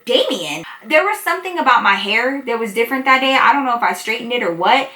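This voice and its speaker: A woman telling a personal story to her viewers in a casual, animated way, swearing and acting out both sides. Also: on the high side, fast. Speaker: storytime vlogger. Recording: echoey room.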